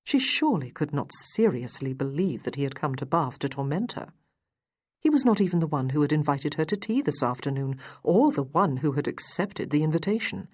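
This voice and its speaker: A woman narrating a historical romance audiobook in an even, measured reading. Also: low-pitched, slightly rough, no room sound. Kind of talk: scripted narration.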